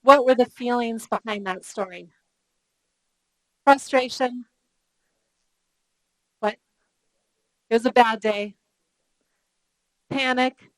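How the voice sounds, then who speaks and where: A woman's voice: on the high side, slow, long pauses, dry recording, poor audio. A middle-aged woman running a live customer service training workshop, telling stories and asking the room questions. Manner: lively storytelling, asks the room questions.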